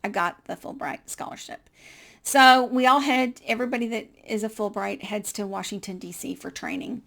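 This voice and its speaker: A middle-aged woman vlogger telling a personal story in a lively, animated way and acting out the dialogue. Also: fairly high pitch, normal speed, vocal fry. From United States.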